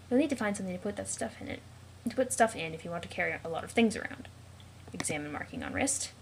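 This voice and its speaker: A woman's voice: mid-range voice, poor audio. Casual female host reading comic text, mock-dramatic, jokey asides, light background noise. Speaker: let's play host reading a web comic.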